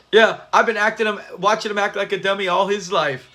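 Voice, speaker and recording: A high-pitched man hosts a relaxed livestream watch party. He talks loosely with his viewers and laughs often. His voice is bright and forward. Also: fairly quick, hardly any pauses. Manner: chatty, laughs often, talks to the live chat. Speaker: channel host.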